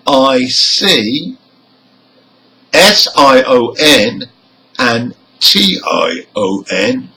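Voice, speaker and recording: A man teaching English word stress, reading example words one by one, marking the stressed syllables clearly and nodding on them. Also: mid-range voice, sharp tone, low-quality recording. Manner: nods his head up on stressed syllables. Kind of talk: slow, deliberate pronunciation lesson.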